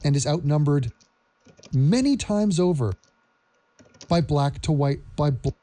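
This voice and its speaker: Male vlog commentator, sarcastic and mocking, with an animated, warm voice. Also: fairly high pitch, a little slow.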